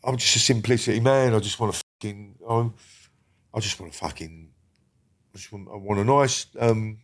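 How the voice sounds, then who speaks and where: A man's voice: fairly low pitch, normal speed. Older man, blunt and sweary. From England. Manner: blunt, heavy swearing, rambling restarts. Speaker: podcast guest. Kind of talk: casual interview talk.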